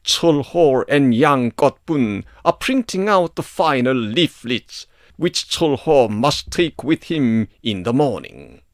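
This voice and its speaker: A man reading an epic poem aloud as a narrator, in a slow, expressive delivery. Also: medium pitch, dry recording, studio quality.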